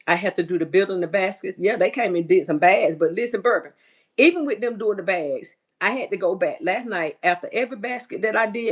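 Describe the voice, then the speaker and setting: Chatty woman livestreaming while she works. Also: mid-range voice. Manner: chatty, reads viewer comments aloud, folksy Southern US speech. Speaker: livestream host. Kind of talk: casual livestream chat.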